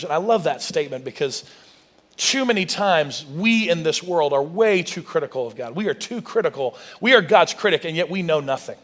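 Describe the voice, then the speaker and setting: Pastor, high-voiced man, animated sermon with lots of restarts; rises loud and high for emphasis. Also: normal speed. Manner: animated preaching, many restarts, reads scripture aloud; gets loud and high when stressing a point.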